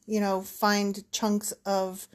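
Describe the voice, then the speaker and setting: A woman's voice: mid-range voice, completely flat delivery, takes it slowly. A woman co-hosting a podcast in casual chat, agreeable and wry, reading passages aloud. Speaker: podcast co-host.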